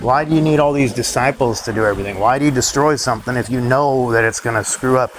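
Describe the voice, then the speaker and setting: A man rants to his viewers in a bitter, worn-out way, cursing often and laughing dryly between complaints. His voice sits at an ordinary middle pitch. A steady noise runs behind him, with passing vehicles. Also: fast. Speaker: vlogger. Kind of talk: ranting monologue to viewers.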